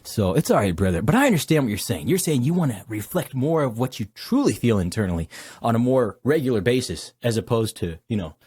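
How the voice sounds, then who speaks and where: A man's voice: medium pitch, sing-song, fast talker, darkish tone, slightly rough. Laid-back man, calls everyone brother. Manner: soothing, calls the other "brother" and "dude", rambling storytelling. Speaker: streamer reassuring a guest. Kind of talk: casual chat.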